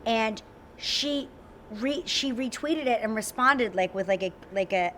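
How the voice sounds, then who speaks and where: Bubbly high-voiced chatty woman. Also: animated, fairly bright tone, a little hiss or hum. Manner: bubbly, rapid storytelling with lots of fillers. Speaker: TV talk show co-host. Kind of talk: animated interview chat.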